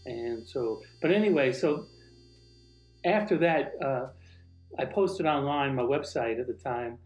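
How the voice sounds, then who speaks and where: A man recounting a true personal story in an animated way, acting out the dialogue he quotes. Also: mid-range voice, a little slow, roomy sound, lo-fi sound, faint music behind.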